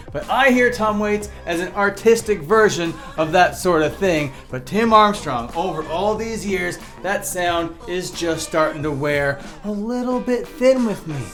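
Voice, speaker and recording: A man's voice: sits high, fairly bright tone. A man hosting a mock-serious comedy commentary, lecturing sarcastically. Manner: sarcastic, lecturing, with mocking impressions. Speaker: youtuber host.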